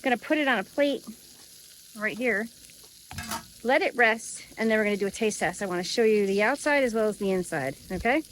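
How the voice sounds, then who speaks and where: A woman's voice: medium pitch, lively intonation, brisk, fairly bright tone, a little hiss or hum, poor audio. A woman hosting a casual cooking vlog outdoors, chatting and thinking aloud as she cooks. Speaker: cooking vlogger. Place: outdoors by a camper.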